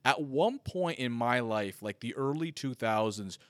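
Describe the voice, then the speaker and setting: A man's voice: mid-range voice, expressive, measured pace, hardly any pauses, fairly bright tone, dry recording, studio quality. A man in his thirties telling a rambling comedic story, full of "like" and self-mocking asides. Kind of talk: casual comedic storytelling monologue.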